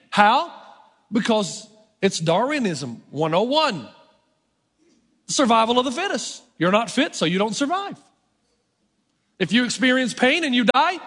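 High-voiced preacher in an echoing hall. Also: male voice, fairly bright tone. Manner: conversational, self-mocking humor. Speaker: pastor. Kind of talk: sermon. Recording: long hall reverb.

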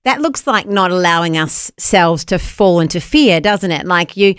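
A woman's voice: fairly low pitch, expressive, moderate pace, clean tone, dry recording, clean studio sound. A woman radio co-host, talking in an encouraging, affirming way on a Christian show.

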